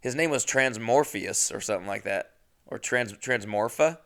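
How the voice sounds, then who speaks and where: A man's voice: medium pitch, normal speed, fairly bright tone. A young man telling a rambling, self-deprecating comic story as a comedian, full of asides.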